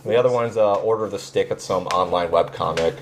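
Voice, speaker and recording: A man with a lowish voice talking quickly on a casual podcast among friends. He is blunt and crude, and he rushes through his points. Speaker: podcast co-host.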